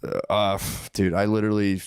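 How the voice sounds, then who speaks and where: A man, a podcast co-host telling a long rambling story with laughs, acting out his own thoughts in quick asides. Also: lowish voice, little pitch movement, clear, resonant tone, no room sound, studio quality. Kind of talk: casual storytelling chat.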